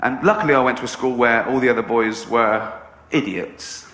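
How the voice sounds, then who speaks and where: A man's voice: medium pitch, normal speed. An English comedian telling a comic story and laughing as he goes. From England. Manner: laughs through his stories. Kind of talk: stand-up storytelling. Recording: echoey room with background noise.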